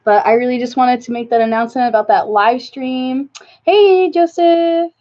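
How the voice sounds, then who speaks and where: A woman's voice: on the high side, flat delivery, brisk. A woman talking casually to viewers on a live stream, rambling with many fillers and asides. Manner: rambling, filler-heavy, talks to viewers and her cat. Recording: slightly dull lo-fi stream audio.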